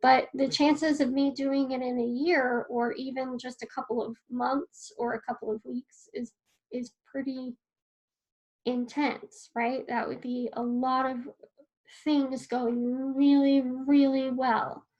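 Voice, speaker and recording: A woman's high, slow, somewhat mellow voice has little pitch movement, and the recording is muffled. She gives a casual spoken lesson in an earnest, personal way, repeating key phrases while writing notes on a board.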